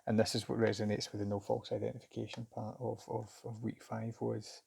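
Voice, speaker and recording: Middle-aged man, dark low husky voice, reflective first-person story, candid and halting. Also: little pitch movement. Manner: candid, halting, self-searching. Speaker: vlogger recounting a job interview.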